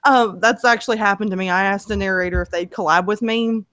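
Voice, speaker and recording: A woman chats in a casual group call, telling a short anecdote and laughing at herself. Her voice is mid-pitched and the recording is dry and close. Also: steady tone, fast talker, a bit bright, no echo.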